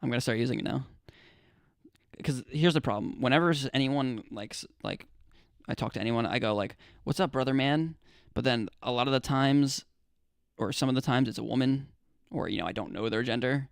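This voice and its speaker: A man's voice: medium pitch, a little fast, gravelly, no room sound, studio quality. A young American man chatting casually with viewers on his live stream, laid-back and rambling, with lots of fillers and restarts. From United States. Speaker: livestreamer.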